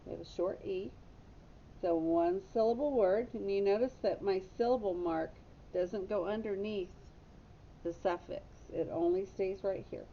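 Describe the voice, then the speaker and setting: A woman teacher giving a patient phonics lesson to young children, stopping to correct her own slips. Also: moderate pace. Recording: dull lo-fi audio with faint rumble.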